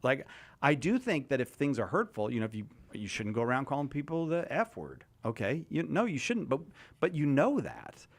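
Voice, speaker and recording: A man's voice: medium pitch, very animated, moderate pace. A man hosting a radio talk show, chatting casually with a panel and thinking aloud with lots of restarts.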